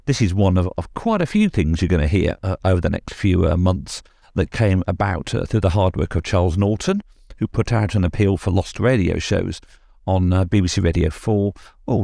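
A man hosts a podcast in a chatty, easygoing way, full of little uhs. His voice is very low with plenty of gravel and a dark, mellow tone. The sound is dry and close. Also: no room sound. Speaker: podcast host. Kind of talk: casual podcast presenting.

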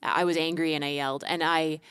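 A woman co-hosting a faith podcast, speaking candidly and warmly, often laughing lightly as she talks. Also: low-pitched, level tone, fairly quick, clear, resonant tone, dry recording, clean studio sound. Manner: candid, warm affirmations, laughs through lines. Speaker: podcast co-host. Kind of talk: casual faith podcast chat.

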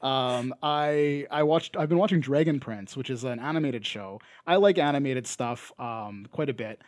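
A young man with a Canadian accent chats loosely on a podcast, piling up fillers and false starts as he thinks aloud. His voice sits at an ordinary middle pitch, and the recording is dry and close with no room sound. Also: normal speed, dry recording. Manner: rambling, many fillers and restarts. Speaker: podcast co-host. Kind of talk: casual chat.

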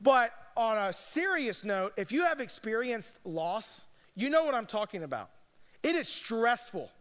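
A man's voice: very high voice, big pitch swings, a little slow, a bit bright. A man preaching a sermon as pastor, earnest but conversational, with casual asides. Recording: long reverb of a large hall.

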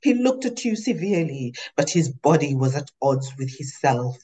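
A woman author reading aloud from her novel in a measured, literary way. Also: deep voice, very animated, warm tone, poor audio.

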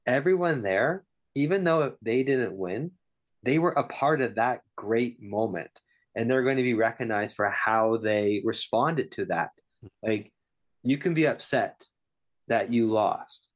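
A man co-hosting a podcast, talking in an earnest, openly emotional way. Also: mid-range voice. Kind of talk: casual podcast chat.

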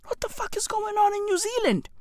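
A woman delivering a loud, swaggering, profane comedic rant full of slang. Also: very high voice, a little fast, dry recording, studio quality. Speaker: comedic commentator.

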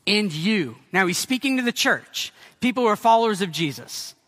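A male pastor preaching a sermon to a church gathering, energetic and excitable, with quick restarts and playful asides. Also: high-pitched.

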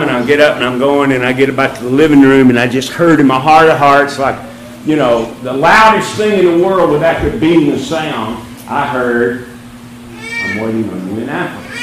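A man with a slightly high voice tells his faith story with lots of energy and acts out each quoted person. He sounds like he is in a roomy space, and there is a faint hum of ambience behind him. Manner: animated storyteller, acts out quoted voices with big pitch jumps. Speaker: speaker telling a testimony. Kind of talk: storytelling testimony.

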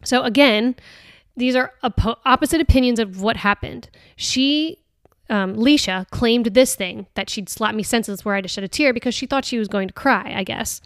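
A fairly high-voiced woman talks through a book on her podcast in a casual, earnest way. She stops and restarts often and leans on filler words. Her voice sounds smooth and close, with a dry, unechoing sound. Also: normal speed, no echo. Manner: hesitant, many restarts and "like" fillers; earnest and chatty. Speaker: podcast host. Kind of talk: casual reflective talk on a book.

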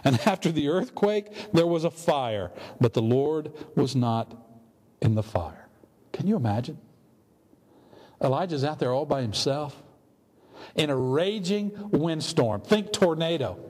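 A man's voice: fairly high pitch, lively intonation, a little slow, a little mellow. A man pastor preaching a sermon, telling a story earnestly with rhetorical questions. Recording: long hall reverb, faint ambience.

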